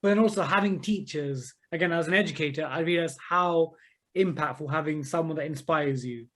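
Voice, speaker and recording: An enthusiastic man in his thirties, a maths teacher telling animated stories as an interview guest. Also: fairly high pitch, fairly quick. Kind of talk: interview conversation.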